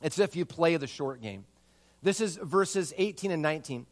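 A pastor delivers a sermon in a noticeably high-pitched male voice. He tells a personal story with lively, animated energy. He drives his point home with a string of repeated rhetorical questions. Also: normal speed.

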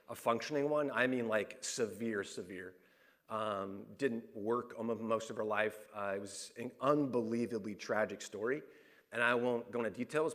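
A middle-aged male pastor preaches a sermon in a mid-range, fairly bright voice. He speaks personally and candidly, with many restarts and fillers, repeating phrases for emphasis.

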